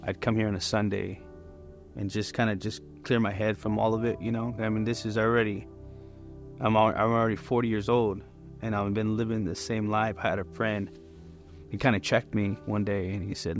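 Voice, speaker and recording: Man, 40s, personal testimony, candid and conversational, gravelly, lowish voice. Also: level tone, moderate pace, faint music behind. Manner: candid and conversational, many fillers. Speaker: church member giving testimony.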